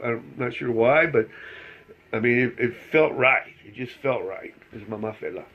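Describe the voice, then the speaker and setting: Middle-aged El man, Spanish; casual rambling storyteller who chuckles often; average pitch; muffled lo-fi recording. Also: moderate pace. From El Paso, Texas. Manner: rambling, chuckles through the telling. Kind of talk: casual anecdote telling. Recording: slightly dull lo-fi recording.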